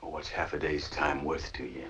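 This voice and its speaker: An actor playing a cocky outlaw who mocks with a sly drawl, in an old film clip. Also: male voice, extremely low pitch, level tone, moderate pace, a bit bright, slightly rough, heavily acted. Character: cocky outlaw man, smooth and taunting. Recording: old film audio with score.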